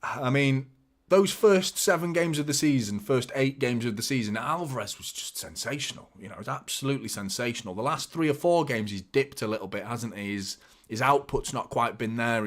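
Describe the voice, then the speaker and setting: A man hosting a live football watchalong, giving fan commentary and chatting to viewers, excitable and prone to swearing. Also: mid-range voice. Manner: chatty, addresses viewers as mate. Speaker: watchalong host. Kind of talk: live match commentary and chat.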